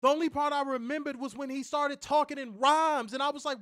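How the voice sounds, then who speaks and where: High-voiced man ranting in exasperation. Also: fairly even intonation, a little fast, fairly bright tone, no room sound, clean studio sound. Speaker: co-host of wrestling review show. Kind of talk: casual podcast commentary.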